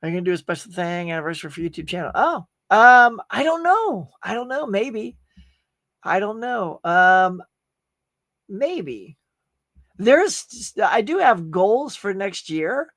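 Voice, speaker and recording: Casting: upbeat male stream host, higher voice, dry close sound, loose rambling chat. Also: animated, a little slow, fairly bright tone, dry recording. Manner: chatty, upbeat, rambling with fillers. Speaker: livestream host. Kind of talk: casual live chat reading comments.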